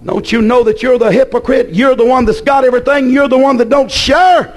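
Preacher guy, real high pitched, rhythmic repeating lines, yells out the big parts in church. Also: steady tone, fairly quick. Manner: chanted, repetitive, with sudden shouted peaks. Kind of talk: fiery evening church sermon.

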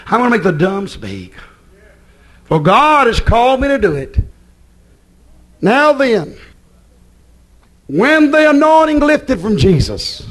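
Pastor, man, high voice and lively pitch, excitable sermon delivery with shouted peaks. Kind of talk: preaching sermon.

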